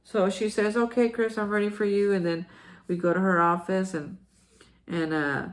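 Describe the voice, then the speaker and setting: A woman with a mid-range voice hosts daily recovery reflections, speaking at a normal speed in a level tone. She tells a personal story earnestly and emotionally, with many fillers and restarts.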